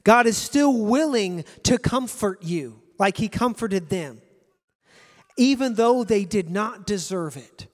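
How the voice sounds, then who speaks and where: A man's voice: high voice, animated, slow, big-room sound. A male pastor preaching a sermon to his congregation, earnest and repeating key phrases for emphasis.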